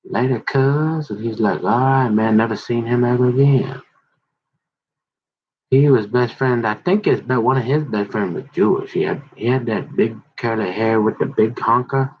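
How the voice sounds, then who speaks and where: A man's voice: medium pitch, normal speed, husky. A middle-aged man telling rambling stories from his school days in casual chat, acting out the voices of the people he quotes. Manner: rambling, quoting others in animated voices. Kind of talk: casual storytelling about high school memories. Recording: dull lo-fi recording.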